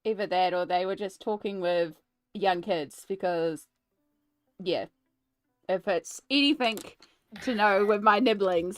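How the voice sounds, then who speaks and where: A woman's voice: medium pitch, a little slow, long pauses, dry recording, faint music behind. A woman with a New Zealand accent chatting and telling stories on a live stream while colouring, with frequent laughter. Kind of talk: casual chat while colouring.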